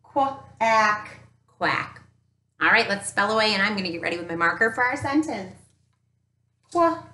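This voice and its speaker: A woman teacher giving a recorded phonics lesson to young children, upbeat and encouraging, sounding out each letter slowly. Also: mid-range voice, pushed and bright, a little hiss or hum. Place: home teaching space with an easel. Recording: echoey room.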